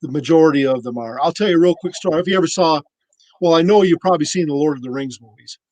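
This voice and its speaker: A man on a podcast telling a casual, animated story and acting out the voices of the people in it. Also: on the high side, quick pace, no room sound, poor audio. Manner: animated anecdote-teller, acts out quoted voices. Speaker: podcast cohost.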